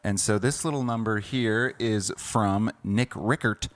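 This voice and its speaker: A man's voice: lowish voice, measured pace. Laid-back male co-host. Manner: laid-back, reads messages aloud, laughs easily. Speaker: co-host reading viewer messages. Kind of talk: casual livestream chat.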